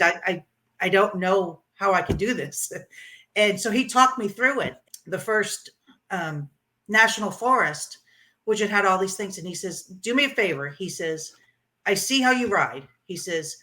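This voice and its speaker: A woman from Florida telling her motorcycle trip story in an interview, animated and laughing, with many ums and restarts. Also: mid-range voice.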